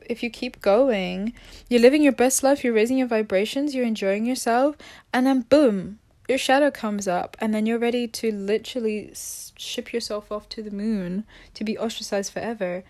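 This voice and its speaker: A woman's voice: fairly high pitch, a little mellow. A woman speaking in a casual, reflective monologue about emotional self-healing. She restarts her sentences often and sometimes drops to a near-whisper. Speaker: spiritual self-help speaker.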